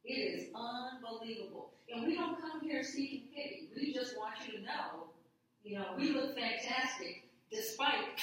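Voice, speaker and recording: A woman's voice: fairly high pitch, normal speed, a bit bright. A woman law professor speaking as an interview guest, emphatic and storytelling, repeating key phrases for weight. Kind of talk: passionate conversational interview. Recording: echoey room, distant mic, faint noise.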